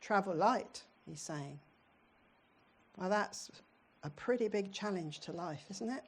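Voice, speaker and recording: A woman's voice: mid-range voice, lively intonation, slow, husky. A middle-aged British woman preaching a sermon in a church, in a conversational way, often putting questions to her congregation.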